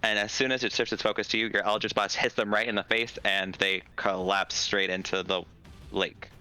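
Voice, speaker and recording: A man's voice: lowish voice, flat delivery, a little fast, bright, forceful tone, smooth. A man running a tabletop game as dungeon master, patiently explaining rules step by step.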